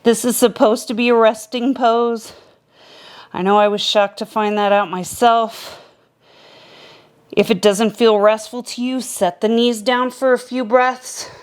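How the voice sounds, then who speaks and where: A young adult woman teaching a beginner yoga class, calmly cueing each breath and movement step by step. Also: fairly high pitch, slow pace, long pauses, clean tone. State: a little out of breath at times. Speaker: yoga instructor. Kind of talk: guided yoga class instruction.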